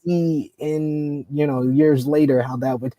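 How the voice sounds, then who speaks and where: A man's voice: fairly high pitch, fairly even intonation, measured pace, mellow, dry recording. A man co-hosting a wrestling review show, recapping a documentary and reading out viewer comments in a casual, conversational way. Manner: recaps the story and reads viewer comments aloud.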